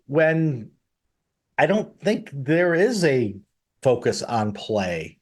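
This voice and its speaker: A man hosting a tabletop gaming podcast, chatting casually and getting animated when incredulous. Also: a little high, takes it slowly. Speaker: podcast host.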